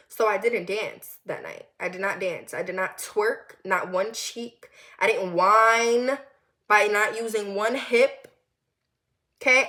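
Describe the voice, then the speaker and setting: A young woman telling a personal story in a vlog, animated and repetitive, with lots of swearing. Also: medium pitch. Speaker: vlogger.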